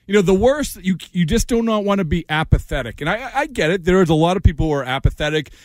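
A man's voice: high voice, expressive, fast, no room sound. Male sports radio host, emphatic and repetitive, dead-dry studio sound. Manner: emphatic, repeats himself, restarts often. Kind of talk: casual sports talk.

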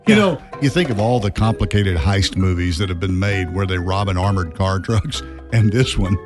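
A man's voice: sits low, lively intonation, normal speed, music in the background. A man co-hosting a casual radio show, tossing in wry, squeamish quips. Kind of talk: casual morning show chat.

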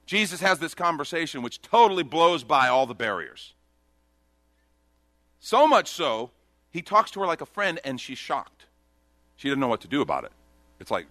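Man, pastor, sermon, animated storytelling, lively pitch, bright tone, dry close sound. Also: moderate pace, no echo. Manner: animated storytelling, voicing Bible characters in quotes.

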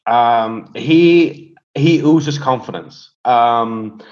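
Male guest, conversational and hesitant, even middle pitch, dull lo-fi recording. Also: drawn-out words. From Europe. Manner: hesitant, many fillers and restarts. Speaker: guest, hockey prospects analyst. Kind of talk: casual conversational storytelling and analysis.

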